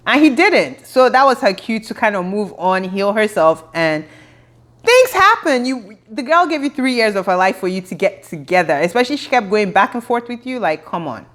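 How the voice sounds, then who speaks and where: A woman's voice: medium pitch, sing-song, normal speed, fairly bright tone. Woman host, casual recap commentary, opinionated and chatty, quotes people with sass. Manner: chatty and opinionated, quoting cast members in sassy asides.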